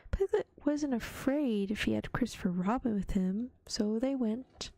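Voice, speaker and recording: Slow, whispering woman reading a storybook. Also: fairly high pitch, expressive, no echo. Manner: gentle, unhurried whisper. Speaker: vtuber storyteller. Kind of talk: soft ASMR storybook reading.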